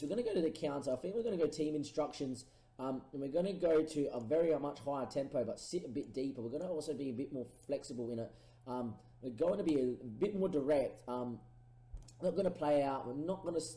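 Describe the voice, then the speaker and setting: A man's voice: mid-range voice, fast talker, roomy sound, poor audio. A man casually commentating his own football management game, thinking aloud through his tactics. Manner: thinks aloud, erupts into excited goal calls. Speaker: gaming streamer.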